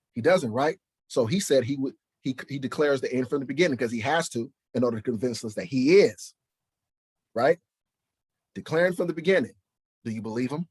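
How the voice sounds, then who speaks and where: A man's voice: medium pitch, husky, no room sound. A man preaching and teaching from the Bible, who fires rhetorical questions at his listeners and keeps checking in with "right?". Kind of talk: preaching to camera.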